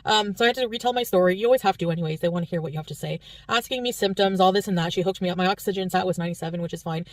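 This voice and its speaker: A woman's voice: lowish voice, rapid-fire, few pauses, dry recording, recorded from a distance. A Canadian woman telling a long story in a vlog, rambling and chatty as she recounts each detail. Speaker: vlogger.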